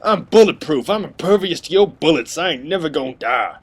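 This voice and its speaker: A man's voice: fairly high pitch, lively intonation, brisk, breathy edge. A man putting on the voice of a cocky enemy player who boasts he can't die. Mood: boastful. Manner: boastful, brash. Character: cocky invincible-seeming male enemy player.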